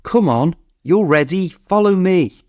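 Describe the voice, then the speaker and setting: A man's voice: mid-range voice, very animated, normal speed, vocal fry, a little mellow, no echo, dull audio. A man voicing a big, friendly young surfer with an Australian accent, upbeat and encouraging.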